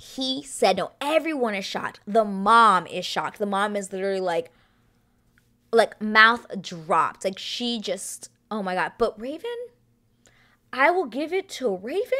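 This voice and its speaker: A woman's voice: mid-range voice, animated, unhurried, sharp tone. A woman hosting a casual TV recap, chatty and gushing, with plenty of fillers. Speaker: show recap host.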